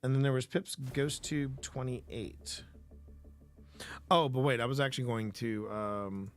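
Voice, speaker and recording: A man's voice: medium pitch, a little slow, slight background noise. A man hosting a live stream, chatting casually and rambling with his viewers. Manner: rambling, self-interrupting, playful banter with chat.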